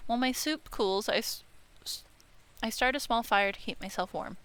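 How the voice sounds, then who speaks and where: Her voice is smooth, a bit bright, and on the high side, moving at a moderate pace. As a let's-play streamer, she reads a visual novel's narration aloud over game music, making casual remarks and stumbling before correcting herself.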